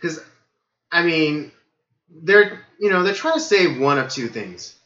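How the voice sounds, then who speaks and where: A hoarse man hosting a casual livestream podcast, rambling with lots of fillers. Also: a little high, lively intonation, slow pace, a bit bright, echoey room, muffled recording. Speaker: podcast host.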